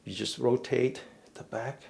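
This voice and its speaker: A man leading a mindful fitness class, giving slow, step-by-step stretching cues and often checking in with "okay?". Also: mid-range voice, steady tone, creaky, darkish tone. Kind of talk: guided stretching instruction.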